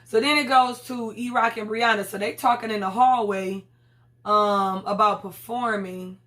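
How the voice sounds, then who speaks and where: A woman's voice: medium pitch, steady tone, a little slow, fairly bright tone. A woman casually recapping a TV episode, acting out the characters' lines with sass, slangy asides and lots of fillers. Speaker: TV recap vlogger.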